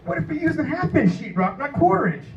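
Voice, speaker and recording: A man's voice: very high voice, very animated, quick pace, lo-fi sound. A middle-aged man doing a crude, self-mocking stand-up comedy set in a bar, acting out voices. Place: bar or club stage. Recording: echoey room, mic far off, noisy.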